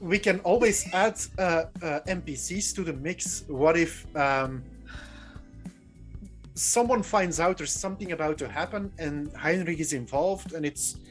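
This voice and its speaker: A woman facilitates a tabletop role-playing game and walks players through the rules. Her voice sits fairly low. She explains in loose, roundabout sentences. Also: a little slow, faint music behind. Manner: explains rules with fillers and restarts.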